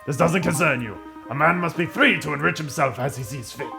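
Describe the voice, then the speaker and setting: A pompous ruffian with airs speaks low and formally, as a man puts him on. The haughty game thug sounds a touch gravelly, with faint game music behind him. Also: brisk. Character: pompous French-ish male ruffian.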